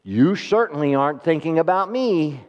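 A preacher with a fairly high voice delivers a sermon, talking with his congregation and asking them questions. He swings between emphatic peaks and soft, slow stretches. The recording is dull, with a long reverb from the church hall. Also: animated. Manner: rising to emphatic, then drops to soft and slow; conversational, asks the congregation questions.

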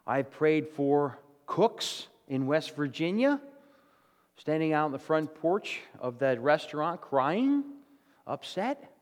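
A man delivers a sermon in a casual, down-to-earth way, tossing in "all right?" to keep his congregation with him. His voice sits a little high for a man. The long reverb of a big church hall trails behind every word. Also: big pitch swings, takes it slowly. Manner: conversational, plain-spoken, with frequent "okay?" and "all right?" check-ins. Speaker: pastor.

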